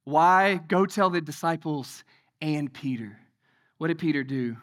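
A man preaching a sermon in a conversational way, asking many rhetorical questions and moving between loud emphasis and hushed passages. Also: on the high side, measured pace. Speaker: pastor.

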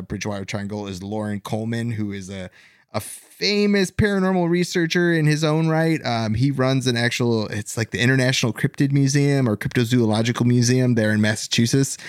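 A man's voice: mid-range voice, no echo, clean studio sound. A man hosting a paranormal podcast in casual chat, rambling with fillers and self-corrections. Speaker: podcast host.

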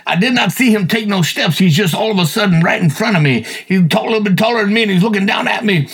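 A man's voice: high-pitched, lively intonation, fast, a bit bright, slightly rough. An older man hosting a show, telling a personal faith testimony in a folksy, plain-spoken way. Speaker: podcast host.

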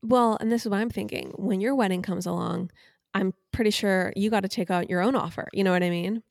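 A woman co-hosting a podcast, telling stories in a casual, animated way. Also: medium pitch, fairly quick, vocal fry, dry recording, clean studio sound. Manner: animated storyteller acting out quotes. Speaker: podcast co-host.

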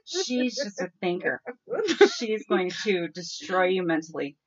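A middle-aged woman with a somewhat low voice chats on a podcast, telling stories about her kids and mimicking what they said. The audio is dull and lo-fi. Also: expressive, unhurried. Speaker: podcast co-host. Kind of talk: casual chat.

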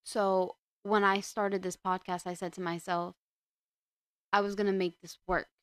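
Chatty woman podcast host, smooth voice. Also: mid-range voice, flat delivery, unhurried, a bit bright, no room sound. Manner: chatty and rambling, with many restarts. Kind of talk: casual chat.

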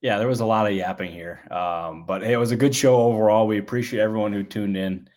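A man with a low voice talks through baseball news on a podcast. His delivery is conversational and hedging, dotted with "like" and "um". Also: fast talker, a little mellow. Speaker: baseball insider guest. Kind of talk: casual podcast analysis.

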